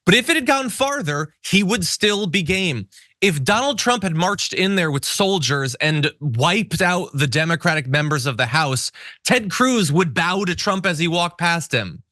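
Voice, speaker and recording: A man's voice: fairly high pitch, expressive, a little slow, pushed and bright, no echo, studio quality. A man hosting a political commentary show, talking in an emphatic, indignant way with stumbling restarts. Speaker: host.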